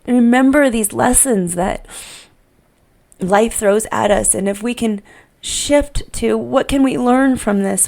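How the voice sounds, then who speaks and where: Earnest woman with a gravelly edge. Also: fairly high pitch. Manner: earnest, off-the-cuff, repeats herself while searching for words. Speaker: parenting podcast host. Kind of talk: unscripted heartfelt podcast monologue.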